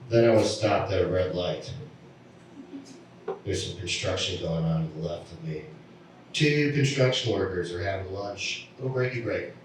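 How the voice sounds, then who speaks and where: A man doing a stand-up set, telling stories in a deadpan way and acting out the people in them. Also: low voice, moderate pace, a little hiss or hum. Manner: deadpan storytelling with acted-out voices. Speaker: stand-up comedian. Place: comedy venue. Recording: echoey room from a distant mic.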